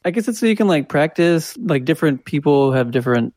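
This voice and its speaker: A man's voice: fairly high pitch, animated, fast, darkish tone, dry recording. A man co-hosting a comedy podcast, sharing odd news in a hesitant way full of fillers. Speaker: podcast co-host.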